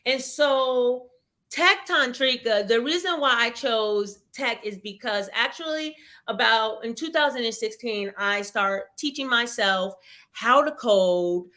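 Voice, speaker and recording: A woman's voice: a little high, takes it slowly, sharp tone. A woman in her thirties telling a personal story in a live webinar, earnest and reflective, often restarting her sentences. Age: 30s. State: tearful at moments. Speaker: webinar guest.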